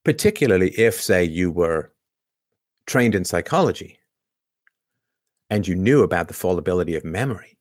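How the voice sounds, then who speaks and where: A lower-pitched man talks straight into a close mic in a dry, dead room, with no echo at all. His host monologue rambles and restarts, and he keeps posing rhetorical questions to his listeners. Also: lively intonation, moderate pace, pauses often. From Canada. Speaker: show host. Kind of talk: casual monologue commentary.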